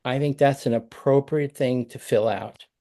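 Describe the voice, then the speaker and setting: A middle-aged man coaches a parent over a video call. He talks conversationally, at a medium pitch, and slips into example lines of dialogue as he explains. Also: normal speed, mellow. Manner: conversational, acts out example phrases.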